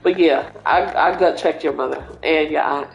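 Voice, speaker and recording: A woman's voice: sits low, normal speed, gravelly, muffled recording. Chatty young woman in a roomy space. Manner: rambling, chatty storytelling with frequent fillers. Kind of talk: casual chat. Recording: roomy echo with faint music.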